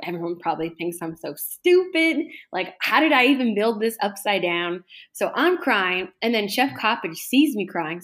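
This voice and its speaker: A young woman talking casually in an interview, chatty, with lots of fillers. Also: on the low side. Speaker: interview guest, culinary school graduate.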